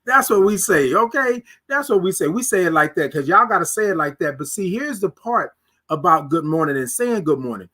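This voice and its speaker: A man's voice: high voice, lively intonation, fairly quick, bright, forceful tone. A middle-aged man hosting a casual morning livestream, reading viewer comments aloud and drawing out his greetings with preacher-like repetition. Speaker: livestream morning show host. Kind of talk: casual live-stream chat reading comments.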